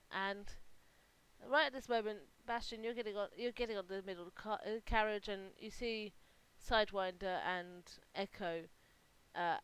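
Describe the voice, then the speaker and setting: A woman game master describing a scene to her players. Her delivery is halting, full of small pauses and restarts. Her voice stays smooth and clear. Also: mid-range voice, fairly bright tone, rough recording. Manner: hesitant, lots of ums and restarts. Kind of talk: narrating a tabletop role-playing game.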